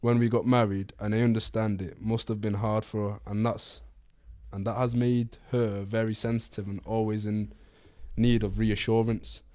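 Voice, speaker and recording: A young man, a podcast co-host, reading a post aloud in a steady, plain voice. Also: lowish voice, moderate pace, dry recording.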